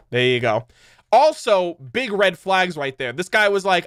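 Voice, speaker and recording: A man's voice: high-pitched, big pitch swings, measured pace, a bit bright, clear, resonant tone, no echo, studio quality. A young man streaming, chatting casually in a rambling, joking way, swearing loosely and laughing often. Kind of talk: casual livestream chat.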